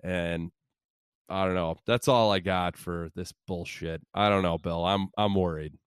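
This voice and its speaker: A man's voice: sits low, fairly even intonation, measured pace, clear, resonant tone, no echo, studio quality. A man co-hosting a podcast, telling rambling, profane stories in casual sports chat. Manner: rambling, profane, self-interrupting. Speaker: podcast co-host.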